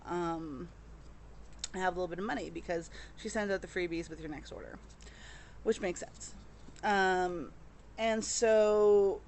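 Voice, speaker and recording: A woman's voice: mid-range voice, slight background noise. A woman chatting casually to camera as a cross-stitch vlogger, rambling with many fillers and restarts and openly emotional.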